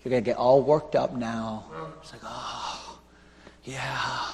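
A male pastor preaching a revival sermon with an altar call, swinging from loud shouting to hushed pleading. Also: medium pitch, steady tone, moderate pace, husky. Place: large church auditorium. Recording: long hall reverb.

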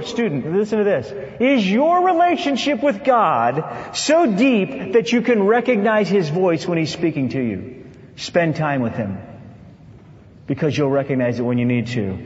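A male preacher with a fairly high voice that swings widely in pitch as he delivers a lively sermon with playful asides. The sound is dull and carries a long reverb, as if from a big hall.

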